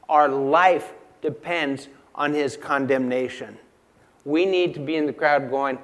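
A man preaching a sermon in a church, emphatic and unhurried, asking the congregation rhetorical questions and repeating key lines. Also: on the high side, a bit bright. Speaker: pastor.

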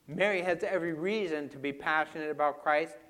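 A man preaching a sermon with slides, moving from quiet reflection to loud, emphatic passages. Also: fairly high pitch, a little fast. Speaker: pastor.

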